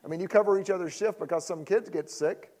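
Addressing church leaders, a middle-aged man with a slightly higher voice teaches in an easygoing, joking way. He ribs the people in the front row and slips into short acted-out exchanges as he talks.

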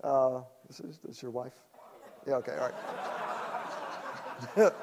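A man's voice: medium pitch, slow pace, background noise. A middle-aged male pastor teaches a church audience in a loose, conversational way, teasing people in the crowd and acting out the people he quotes. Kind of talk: conference teaching talk.

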